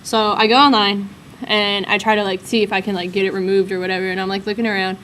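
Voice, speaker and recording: A woman's voice: mid-range voice, level tone, fast, a bit bright, a little hiss or hum. A young woman telling a rambling story in casual chat, full of fillers, as a vlog co-host.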